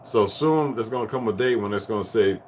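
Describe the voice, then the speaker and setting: A man in his fifties giving a rambling spiritual rant to his viewers, profane and preachy, swinging from loud bursts down to hushed tones. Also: on the low side, brisk, a little hiss or hum. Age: 50s. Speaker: vlogger.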